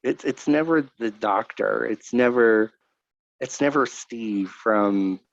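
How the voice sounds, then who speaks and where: A man co-hosting a relaxed podcast who jokes and laughs a lot. His voice has a gravelly edge, and the recording is dry and a little dull. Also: medium pitch, slow, no echo. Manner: jokey, laughs often. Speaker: podcast co-host. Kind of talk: casual joking chat.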